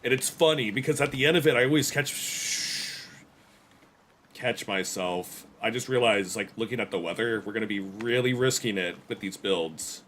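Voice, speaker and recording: Speaking at a normal speed, this streamer has a voice on the low side with a bit of brightness, and there is slight background noise. He rambles casually through a survival game, poking fun at himself and making joking asides to viewers in chat.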